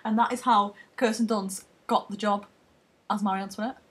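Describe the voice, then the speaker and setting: A woman's voice: medium pitch, fairly even intonation, moderate pace, husky. A young woman, chatting casually and retelling a film plot in a rambling, sweary, giggly way. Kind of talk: casual comedic chat.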